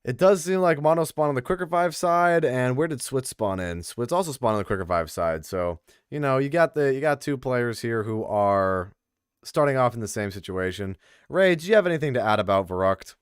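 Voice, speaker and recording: A man's voice: medium pitch, fairly quick, clear, resonant tone, dry recording, studio quality. A young man casually commentating a game tournament on a stream, chatting with viewers. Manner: chatty, lively, talks to the chat. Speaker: tournament caster.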